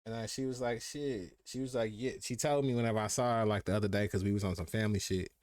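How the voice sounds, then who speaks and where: A man's voice: on the low side, fairly even intonation, quick pace, darkish tone, dry recording, studio quality. A young man hosting a live podcast stream, telling stories in casual slang and acting out what people said. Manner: laid-back slangy storytelling, acts out quotes. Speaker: podcast host.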